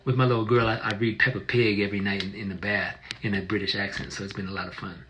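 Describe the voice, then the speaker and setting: A man teaching casually on a livestream, easygoing and affectionate, with soft phrase endings and hesitant restarts. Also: fairly low pitch, level tone, quick pace, few pauses, slight background noise, poor audio. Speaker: qigong teacher.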